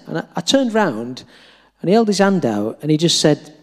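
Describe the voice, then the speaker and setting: A middle-aged man delivers a storytelling sermon in a high voice with big swings in pitch, at normal speed. He tells the story animatedly, acting out the dialogue with self-deprecating humour. The recording carries the long reverb of a large hall.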